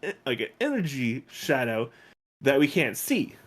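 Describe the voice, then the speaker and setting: A man's voice: mid-range voice, big pitch swings, measured pace, breathy edge. A man co-hosting a podcast in loose casual chat, rambling with many fillers and restarts. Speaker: podcast co-host.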